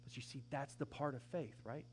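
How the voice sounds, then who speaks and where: Brief: male pastor mid-sermon, relaxed and conversational, lively when he acts out quotes. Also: mid-range voice, fairly quick, a little hiss or hum.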